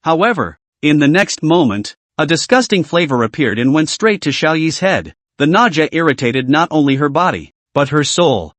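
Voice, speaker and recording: A man reading out a fantasy story recap in a brisk, animated way. His voice sits fairly high and rises and falls a lot. The recording is dry, with no room sound. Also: no room sound. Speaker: recap narrator. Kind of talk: scripted story narration.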